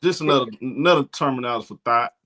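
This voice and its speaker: A man's voice: medium pitch, fast, crowd noise. A man hosting a sports talk show, giving blunt, indignant commentary and often repeating himself.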